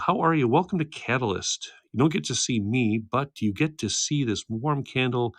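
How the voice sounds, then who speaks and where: A man's voice: mid-range voice, animated, moderate pace, hardly any pauses, no room sound. A man in his thirties hosting a casual livestream chat, reading viewer comments, teasing and laughing often. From United States. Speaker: livestream host. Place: home, indoors, by a candle.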